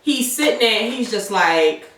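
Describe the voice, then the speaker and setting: A woman's voice: medium pitch, moderate pace. A woman in casual chat, animatedly retelling a TV episode with plenty of profanity. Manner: animated retelling with acted-out quotes, heavy profanity. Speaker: podcast co-host recapping a TV episode. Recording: echoey room from far off the mic.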